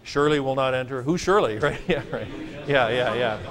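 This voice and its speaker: A man teaching a Greek grammar class, lecturing in a lively, joking way and stressing his points. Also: medium pitch, brisk, a crowd in the background. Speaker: Greek professor.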